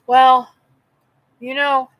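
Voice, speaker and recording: Speaking from home to her livestream audience, a middle-aged woman with a high, level, smooth voice draws out her words. The homestead host's story is folksy, chatty, and wandering, and the sound is lo-fi.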